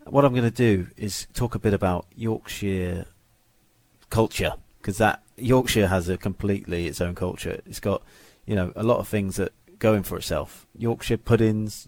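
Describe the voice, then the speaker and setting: A man hosting a podcast, introducing a guest in a relaxed, chatty way. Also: fairly low pitch, moderate pace, gravelly. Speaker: podcast host.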